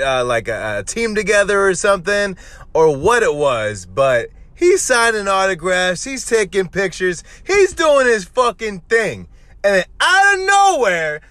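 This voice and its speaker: A man hosting his own podcast, telling a story in an excitable, profane rant. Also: very high voice, no room sound. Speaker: podcast host.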